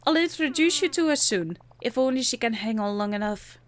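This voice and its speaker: A woman's voice: on the high side, animated, fairly quick, natural voice. A woman voicing a spirited young Scottish princess with an exaggerated put-on Scottish accent, reading game dialogue aloud. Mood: earnest.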